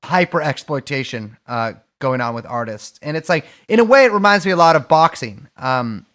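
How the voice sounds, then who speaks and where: A man's voice: a little high, expressive, moderate pace, a bit bright. A man co-hosting a podcast, talking casually with a sardonic, swearing edge. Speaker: podcast co-host.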